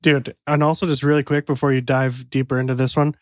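A man's voice: mid-range voice, level tone, fast talker, no echo, studio quality. A man co-hosting a podcast, chatting in an upbeat way and laughing easily. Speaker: podcast co-host. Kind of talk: casual chat.

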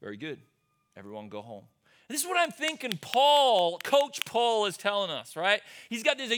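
A male pastor delivering a sermon in an animated, conversational storytelling style. His voice is high-pitched and bright. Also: moderate pace.

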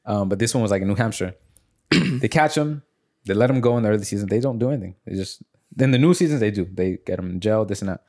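A young man chatting casually on a podcast, telling stories and acting out quotes in high voices. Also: fast talker. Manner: animated storyteller, acts out quotes in high voices. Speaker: podcast host. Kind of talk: casual chat.

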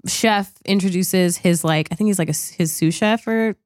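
A woman's voice: fairly low pitch, normal speed, a little mellow, dry recording, clean studio sound. A young woman chatting casually about a film, laughing often and acting out lines. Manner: chatty, laughs often, acts out quotes with a swear. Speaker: podcast co-host. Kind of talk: casual chat reviewing a film.

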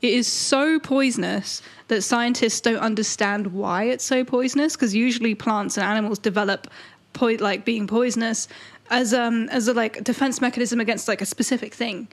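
A woman's voice: on the high side, moderate pace. A woman co-hosting a podcast in casual chat, talking freely and laughing often. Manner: laughs often, chatty and animated. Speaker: podcast co-host.

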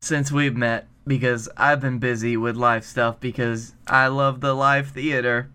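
A man co-hosting a comedy podcast, blunt and profane, quick to swear in exasperation. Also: mid-range voice, level tone, sharp tone. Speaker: podcast co-host. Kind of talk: casual comedic banter.

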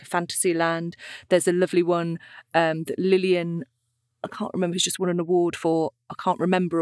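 A woman's voice: fairly low pitch, no echo. Woman narrator chatting, laughs a lot, restarts, dry close sound. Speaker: audiobook narrator. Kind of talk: casual chat.

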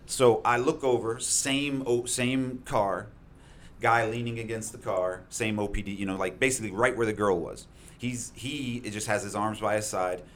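A man with a low voice tells a story from a call he worked, in plain conversational speech. He slips into the voices of the people he met, loud and sharp. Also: fairly even intonation, normal speed, a little hiss or hum. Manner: vivid retelling, acts out quotes loudly. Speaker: first responder telling his story.

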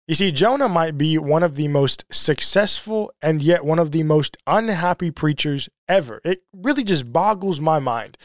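A man's voice: on the high side, animated, moderate pace, dry recording, clean studio sound. A man giving a sermon-style Bible study talk, earnest and emphatic, who asks rhetorical questions and leans hard on repeated phrases. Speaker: Bible teacher.

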